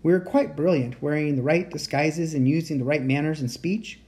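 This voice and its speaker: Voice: mid-range voice, moderate pace, darkish tone, close to an everyday voice. A reader voicing a polite teenage boy enchanter who speaks in formal, old-fashioned phrasing. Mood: earnest.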